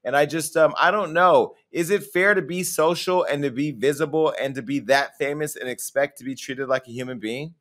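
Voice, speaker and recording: A man's voice: fairly high pitch, normal speed, few pauses, a bit bright. A man hosting a casual entertainment talk show, chatty and opinionated as he speaks to viewers. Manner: conversational, opinionated, addressing viewers. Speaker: host.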